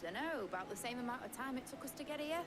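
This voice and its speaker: A brash young ship captain, cheeky and blunt, high and bouncing all over, racing through her lines. A loud noise sits under the game audio. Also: lively intonation, fast talker.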